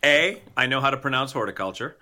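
A man's voice: mid-range voice, lively intonation, fast talker, bright, forceful tone. A man hosting a comedic debate, playful and mock-indignant. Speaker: podcast co-host.

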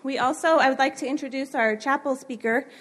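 A woman's voice: high voice, fairly quick, a bit bright. A woman introducing the chapel speaker, reading his background with fillers. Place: college chapel.

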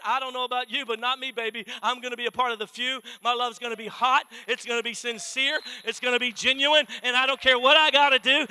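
High-voiced preacher, echoing hall. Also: male voice, clear, resonant tone. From Dallas, Texas. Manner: animated, storytelling, folksy. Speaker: pastor. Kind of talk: sermon.

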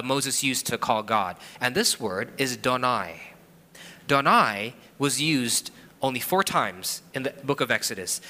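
Pastor guy preaching, acts out the quotes, super sharp bright tone, long hall reverb. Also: medium pitch. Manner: expository preaching with acted-out quotes and personal anecdotes. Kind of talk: sermon.

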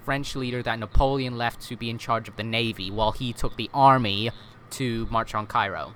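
A man's voice: mid-range voice, fairly even intonation, normal speed, a bit bright, a little hiss or hum. A man explaining history in a casual podcast chat, with lots of fillers, self-corrections and "right?" tag questions.

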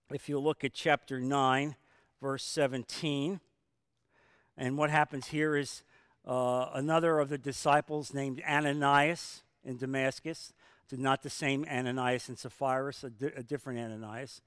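A man preaching a sermon as pastor, emphatic, with rhetorical questions and sudden swings in loudness. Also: mid-range voice, smooth, no echo, studio quality, in a large hall.

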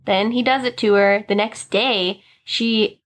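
A young woman guest casually recapping a movie plot, animatedly acting out the characters' lines in quick voices. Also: medium pitch, fairly even intonation. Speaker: podcast guest.

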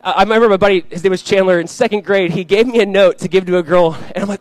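A young man delivers a sermon at a quick clip, his voice sitting a bit high. He slips into animated storytelling, acting out the voices in his anecdotes. The recording is close and dry, with almost no room sound. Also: dry recording, low-quality recording. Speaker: pastor.

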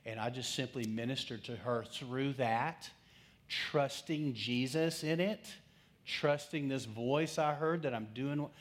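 A middle-aged man, a pastor, telling a personal story in a conversational sermon, swinging between lively asides and hushed moments. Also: medium pitch, slow.

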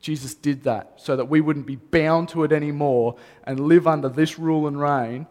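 A man's voice: fairly high pitch, steady tone, moderate pace, a little mellow. A man, a pastor, preaching a sermon earnestly and repeating key phrases for emphasis. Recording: long reverb of a hall.

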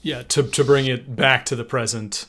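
A man's voice: steady tone, normal speed, fairly bright tone. Rambling casual male podcast host. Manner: rambling, profane, mimics characters with raised pitch. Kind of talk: casual recap chat.

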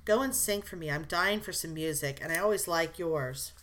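In an audiobook, a woman with a deep, slightly bright voice reads the lines of a spirited young woman. The character scolds briskly and comforts her sister tenderly.

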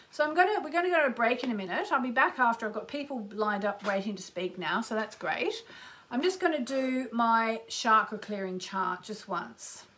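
A woman hosting a live astrology and card-reading radio show, chatty and gushing, greeting listeners by name and breaking into exclamations. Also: fairly bright tone. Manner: exclamatory, with sudden upward leaps in pitch. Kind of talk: live radio call-in chat.

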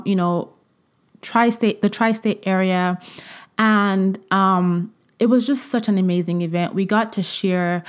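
A woman's voice: mid-range voice, a little slow, clean tone. A woman in her thirties hosting a solo podcast, talking effusively and emotionally, with frequent fillers and repeated words. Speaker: podcast host.

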